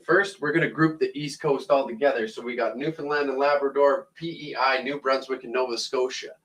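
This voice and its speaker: A man from Canada rants to camera in a comic tirade, every line laced with swearing. His voice sits at an ordinary middle pitch, and his delivery is blunt, scornful and mocking. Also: fairly even intonation, fairly quick, fairly bright tone, low-quality recording. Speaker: comedic ranter. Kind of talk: profane comedic rant to camera.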